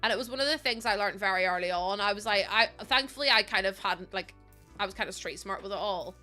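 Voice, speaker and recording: A woman's voice: mid-range voice, fast talker, sharp tone, faint music behind. A young woman with a Northern Irish accent, chatting casually to her live stream audience, laughing often and swearing now and then. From Northern Ireland.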